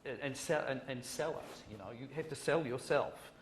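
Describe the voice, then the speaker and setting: A man's voice: mid-range voice, normal speed. New zealand man, panel talk, rambling self-deprecating jokes, echoey hall, faint background noise. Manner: rambling, joking and self-deprecating, with frequent restarts. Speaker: panelist, screenwriter. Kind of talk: panel discussion. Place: conference hall.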